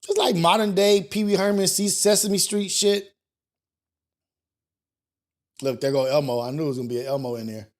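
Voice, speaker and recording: A man hosting a morning talk show, thinking out loud in a loose, profane way with many restarts. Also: sits high, steady tone, fast. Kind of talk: casual talk show commentary.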